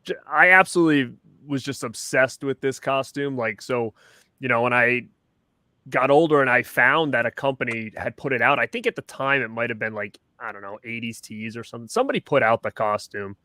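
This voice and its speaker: An enthusiastic man talks casually with friends, his tone bright and forward. The sound is close and dry. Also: mid-range voice, no echo. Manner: enthusiastic, quick reactions. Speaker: panel guest. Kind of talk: casual group chat.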